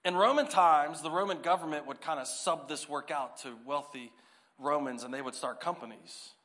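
A man's voice: fairly high pitch, steady tone, moderate pace, a bit bright. A man preaching as a pastor in a church service, reading scripture, praying and joking casually with the congregation. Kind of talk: sermon with scripture reading and prayer. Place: church sanctuary.

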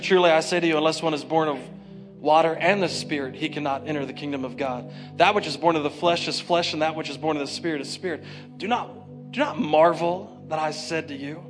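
A man preaching a sermon as pastor, retelling scripture in a lively, conversational way with slang. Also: fairly high pitch.

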